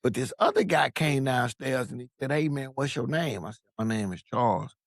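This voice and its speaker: This Long Beach, California man appears as a podcast guest, telling his story in an animated, casual style, swearing freely and imitating those he quotes. His mid-range voice goes at normal speed, and the studio-quality recording is dry.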